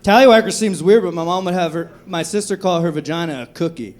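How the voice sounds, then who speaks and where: High-voiced man doing stand-up comedy. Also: fast talker. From Texas. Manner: profane, dark, self-mocking jokes. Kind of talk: live stand-up set. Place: comedy club stage. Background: audience laughter.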